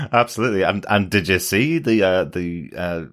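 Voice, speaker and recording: A man's voice: low-pitched, expressive, a bit bright. A man with a British accent co-hosting a podcast, chatting enthusiastically and readily agreeing. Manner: enthusiastic, agreeable, quick to say absolutely. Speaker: podcast co-host. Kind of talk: casual chat.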